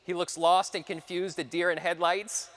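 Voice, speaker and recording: A man giving a conference talk, telling a personal story with dramatic shifts, sometimes dropping to a hushed voice. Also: high-pitched, little pitch movement, moderate pace, long reverb tail. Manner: dramatic storytelling, dropping to near whispers for repeated phrases. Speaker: conference speaker.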